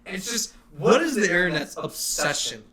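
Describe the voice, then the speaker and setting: A man's voice: high-pitched, sing-song, normal speed. A man co-hosting a podcast in casual chat, teasing and laughing as he jokes around. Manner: joking, laughing teaser. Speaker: podcast co-host. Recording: roomy with crowd noise behind.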